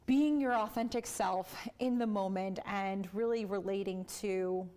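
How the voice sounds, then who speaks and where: A woman's voice: medium pitch, a little slow. Woman interviewer, encouraging, conversational, often voices agreement. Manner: warm affirming listener, many small agreements.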